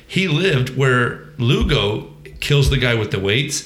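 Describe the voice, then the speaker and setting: A man's voice: mid-range voice, sing-song, slow, a bit bright, echoey room, slight background noise. A man co-hosting a casual movie review podcast, rambling with frequent ums, restarts and swearing. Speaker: podcast co-host.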